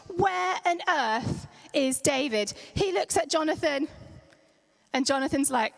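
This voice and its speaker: A woman's voice: sits high, lively intonation, unhurried, vocal fry. A woman leading children's church, telling a Bible story in a playful, slangy, dramatic way. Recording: church hall reverb.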